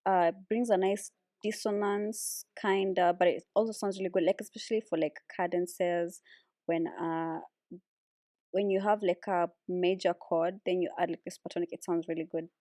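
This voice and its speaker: A woman casually explaining how she builds vocal harmonies, relaxed and chatty with lots of fillers. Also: on the low side, normal speed, no room sound, studio quality. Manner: relaxed, with many fillers like "like" and "so, yeah". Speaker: a cappella vocalist teaching harmony. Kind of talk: casual music tutorial.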